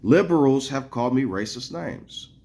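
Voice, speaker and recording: A man mid-rant, talking to his viewers in a heated, cursing flow. His voice sits at an ordinary middle pitch, and he rambles and trips over his own restarts as he pushes his point. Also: animated, normal speed, mellow. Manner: angry, profane, heated. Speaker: vlogger. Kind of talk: casual ranting monologue to viewers.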